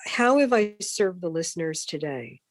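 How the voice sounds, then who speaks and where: A middle-aged woman with a fairly low voice tells stories from her radio career to a podcast host. She talks with animated energy and slips into the voices of the people she quotes. The recording is dry and close, with no room sound. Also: normal speed, no echo. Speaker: broadcast consultant, interview guest. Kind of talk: storytelling in a podcast interview.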